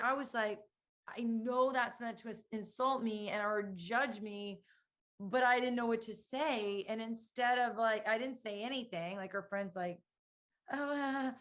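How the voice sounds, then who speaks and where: A woman's voice: fairly high pitch, a bit bright. A woman hosting a conversation, chatty and hesitant, full of fillers as she tells a story. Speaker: host. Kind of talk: conversational interview.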